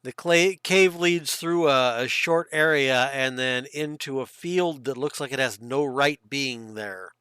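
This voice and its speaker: Guy doing a barbarian chief, friendly and loud, bit hesitant, crisp dry sound. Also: mid-range voice, unhurried, few pauses, dry recording. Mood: welcoming. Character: male barbarian village chief, hospitable.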